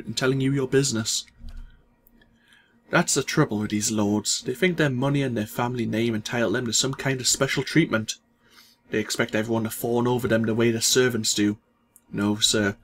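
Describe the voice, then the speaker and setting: A man's voice: medium pitch, a bit bright, slight background noise, lightly acted. A man voicing a portly, smiling village shopkeeper who is folksy, gossipy and opinionated, as he reads game dialogue aloud. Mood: grumbling.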